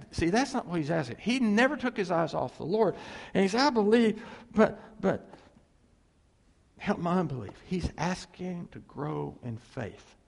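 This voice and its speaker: A man's voice: fairly high pitch, vocal fry, in a large hall. A man preaching a sermon, acting out quotes and asking the congregation to answer him. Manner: animated, acts out quotes, asks the congregation for replies. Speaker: pastor.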